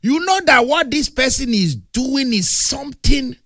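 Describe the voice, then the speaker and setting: A man with a Nigerian accent preaching a humorous, animated sermon that mixes storytelling with playful big words. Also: extremely high pitch, a little slow, no echo, studio quality.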